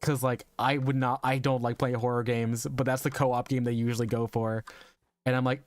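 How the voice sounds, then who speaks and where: This VTuber streamer, a young adult man, talks to his viewers casually mid-game, rambling and laughing a lot in a slightly strained voice. He speaks mid-range in a level tone at a moderate pace, pausing often, with no echo.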